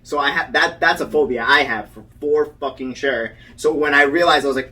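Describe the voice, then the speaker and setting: Animated, swearing young man telling a story. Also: a little high, a little fast, hardly any pauses, distant mic, poor audio. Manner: animated storyteller, swears freely, laughs often. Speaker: podcast co-host. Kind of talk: casual chat.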